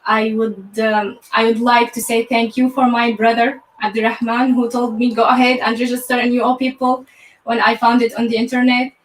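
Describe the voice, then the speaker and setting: A woman from Syria, a university graduate, speaking in a halting way with many restarts in a live online interview. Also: a little high, flat delivery, reverberant, recorded from a distance, low-quality recording. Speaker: graduate guest.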